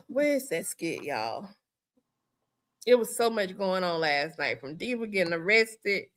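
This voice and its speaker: A woman's voice: mid-range voice, big pitch swings, slow pace, a bit bright. A woman hosting a casual reaction show, chatty and emphatic, repeating her points. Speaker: show host.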